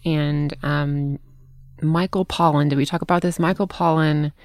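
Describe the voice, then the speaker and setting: A woman's voice: low voice, steady tone, measured pace, no room sound. A middle-aged woman hosting a podcast, talking frankly in casual chat, swearing freely as she tells stories. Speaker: podcast host.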